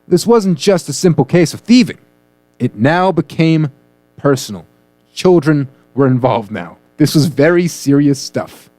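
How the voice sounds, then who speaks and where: Punning comedy radio host. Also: male voice, fairly high pitch, animated, unhurried, a little mellow, dry recording, faint music behind. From United States. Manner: jokey, punning, playful delivery. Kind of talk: comedic news banter.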